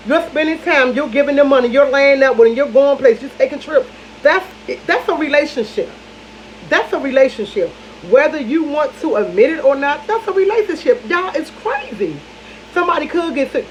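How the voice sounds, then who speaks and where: Chatty woman with a dull, lo-fi sound. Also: sits high. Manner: animated gossip, repeats lines for emphasis, talks to viewers as "y'all". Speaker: vlogger. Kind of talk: casual storytime chat to viewers. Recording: dull lo-fi audio with faint noise.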